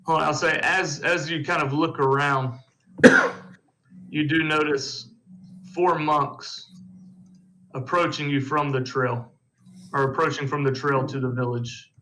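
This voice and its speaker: A man runs a tabletop game, narrating scenes and calling for dice rolls in a loose, hesitant way. His voice is bright and fairly high, with a faint hiss behind it. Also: slow pace, long pauses, rough recording. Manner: relaxed, hesitant narration with fillers. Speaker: game master.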